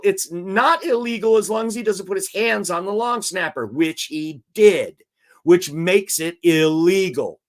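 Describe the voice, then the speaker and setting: A man's voice: high voice, unhurried. Chatty male football show host. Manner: chatty, reads viewer comments aloud. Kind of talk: live-stream football commentary.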